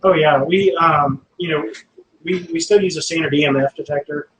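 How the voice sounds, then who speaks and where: A man's voice: on the high side, moderate pace, a bit bright. A man speaking as a paranormal investigator guest in casual chat, rambling with many fillers and restarts. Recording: roomy echo, faint background noise.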